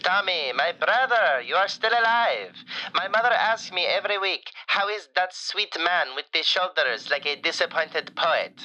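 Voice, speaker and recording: An actor playing a doting, flamboyant falafel shop owner calling into a radio show, talking in broken grammar with playful deadpan jokes. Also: male voice, sits high, moderate pace, dull audio, heavily acted. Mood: effusive. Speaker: caller.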